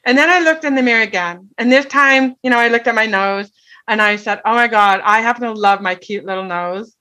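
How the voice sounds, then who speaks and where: A woman's voice: on the high side, a little fast, pushed and bright. A middle-aged woman telling a personal story in an earnest way, often checking in with "right?". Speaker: guest.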